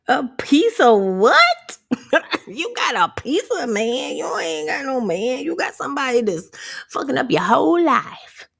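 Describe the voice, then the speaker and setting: Lively, sassy woman with a gravelly edge. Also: sits high, measured pace. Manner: animated, frequent laughter, profane and sassy. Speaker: vlogger. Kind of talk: candid empowerment vlog.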